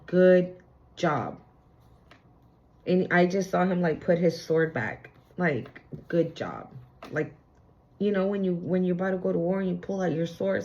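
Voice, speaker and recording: Young woman, relaxed unhurried spiritual reader, emphatic slangy chatter, slightly muffled home recording. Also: on the low side. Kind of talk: casual tarot-style channeled reading.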